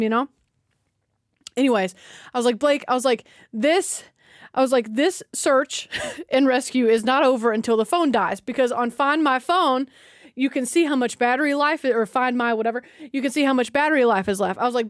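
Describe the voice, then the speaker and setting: A young woman telling a story on stream, animated, swearing freely and laughing often. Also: high-pitched, moderate pace, no echo, studio quality. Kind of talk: casual storytelling.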